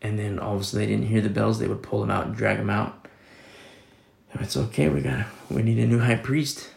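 A pastor preaches in a casual, conversational way, reading scripture and explaining it with everyday fillers. His lowish voice moves a little fast and has vocal fry and a slightly mellow tone. The sound is roomy.

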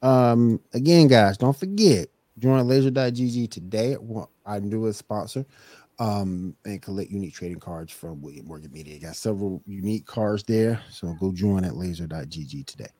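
A man's voice: on the low side, normal speed, no echo. A man hosting a casual live stream with friends, joking around and reading out the chat. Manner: animated, joking, reads out the chat. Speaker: stream host.

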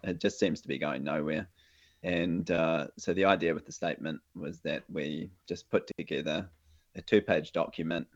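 A New Zealand man with a very low, deep voice chats easily as a guest on a video call, and he keeps stopping and restarting his sentences. The sound is dull and lo-fi. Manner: relaxed, hesitant, many fillers and restarts. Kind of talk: casual conversation. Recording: dull lo-fi audio.

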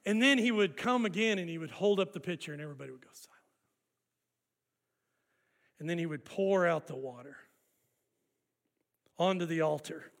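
A man's voice: high voice, moderate pace, gravelly. A man preaching a sermon, walking his congregation through an old festival ritual and leading them in responses. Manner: animated, leads congregation in call-and-response. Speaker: pastor.

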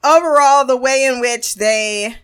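A woman hosts a casual solo review podcast, her voice sitting a little on the high side. She talks sarcastically, laughs often and acts out the characters' lines as she goes. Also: unhurried, a bit bright, clean tone. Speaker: podcast host.

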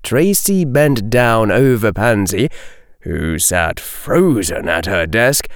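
A man reading a story aloud as narrator, in an expressive, lively way. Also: lowish voice, takes it slowly, clean tone, no room sound, clean studio sound.

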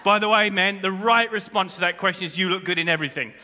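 A man preaching a sermon as pastor, animated, jumping between quiet asides and shouted appeals, with humorous asides. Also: high voice, quick pace, slight background noise. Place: large church hall. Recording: long reverb of a church hall.

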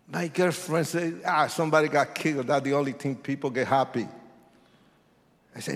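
A man telling his testimony like a sermon, acting out voices and rising to shouts. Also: on the high side, normal speed, gravelly. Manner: animated, acts out voices, swings to shouts. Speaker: testimony speaker. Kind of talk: preached testimony storytelling. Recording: long hall reverb.

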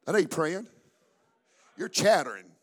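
A male pastor, preaching a fervent sermon that builds to shouts. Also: fairly high pitch, very animated, unhurried.

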